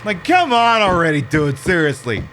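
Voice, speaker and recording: A man streaming a game, joking and talking back at it, swinging from loud outbursts to low mumbled asides. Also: very animated, normal speed, a little hiss or hum. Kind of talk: casual game commentary.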